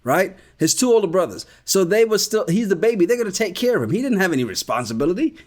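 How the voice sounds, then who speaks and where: Male podcast host, animated and profane, higher pitch with big swings. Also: fast. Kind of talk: casual recap chat.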